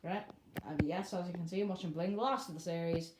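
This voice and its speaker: A woman's voice: fairly low pitch, fairly even intonation, quick pace. A young woman, hosting her own channel in a casual, rambling, cheeky way, full of fillers, talking to camera from a living room. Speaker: channel host. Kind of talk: casual live commentary. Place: indoor living room by a window. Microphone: handheld camera. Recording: noisy home camera audio with clicks.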